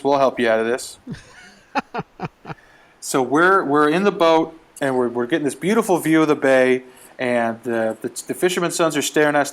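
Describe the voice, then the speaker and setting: A man casually telling a comic travel story, acting out the quotes as he goes. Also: mid-range voice. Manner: animated, acts out quotes. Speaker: guest storyteller.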